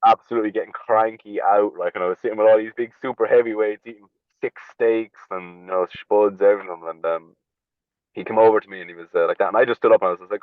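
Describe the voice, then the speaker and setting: An Irish man with a lowish voice rattles through his stories at speed, blunt and swearing freely. He comes through a thin, phone-like line that is dry and close. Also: fast, dry recording. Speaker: podcast guest, slap fighter. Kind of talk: casual storytelling chat.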